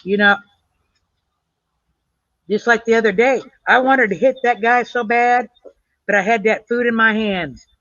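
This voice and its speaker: A woman's voice: on the high side, measured pace, long pauses, a bit bright, dry recording. A woman telling personal stories in casual chat, blunt and tough-talking, swearing now and then. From United States. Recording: dull lo-fi dry recording.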